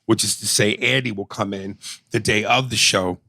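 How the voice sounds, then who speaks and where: Man, podcast co-host, gravelly voice, dry close sound, rambling profane storytelling. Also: on the low side, moderate pace, no echo. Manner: profane, animated storytelling with impressions. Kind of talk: casual podcast chat.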